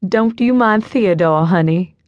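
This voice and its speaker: A woman's voice: medium pitch, unhurried, darkish tone, dry recording, muffled recording, lightly acted. A woman voicing a friendly, folksy aunt who talks in an affectionate, homey way. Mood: teasing.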